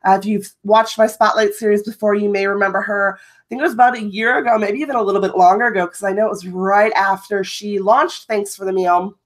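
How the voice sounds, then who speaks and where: A woman's voice: medium pitch, fairly quick. Chatty Midwestern woman streaming live. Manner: chatty, animated storytelling. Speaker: host. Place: home room.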